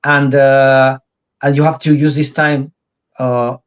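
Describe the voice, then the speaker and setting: A man's voice: medium pitch, little pitch movement, slow pace. Guest: Spanish man, accented English, searching for words, slightly dull lo-fi audio. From Spain. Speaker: interview guest, comic artist. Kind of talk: casual interview chat.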